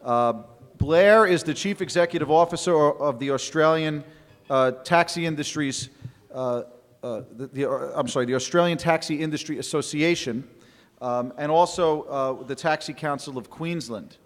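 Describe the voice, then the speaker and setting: Male conference host, friendly halting intro, somewhat high voice, hall echo. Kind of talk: introducing a speaker. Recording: long hall reverb.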